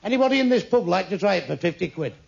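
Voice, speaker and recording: A man's voice: high-pitched, animated, racing, creaky, breathy edge, dull audio, pitched above the performer's own voice, exaggerated voice. A man doing a cocky showman. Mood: boastful. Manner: boastful, showy. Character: cocky man showing off a trick.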